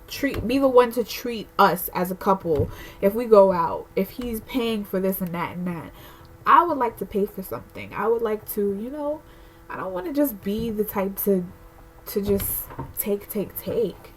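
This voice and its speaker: A woman's voice: mid-range voice, lively intonation, moderate pace, slight background noise, low-quality recording. A pregnant young woman vlogging a candid, emotional rant to camera, rambling with lots of fillers. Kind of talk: casual personal rant to camera.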